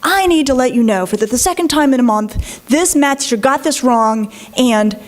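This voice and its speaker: A middle-aged woman, a psychologist, giving a lively conference talk, telling anecdotes and acting out quotes, with many "right?" and "like" asides. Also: sits high, moderate pace. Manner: lively storytelling with acted-out quotes, frequent "right?" and "like".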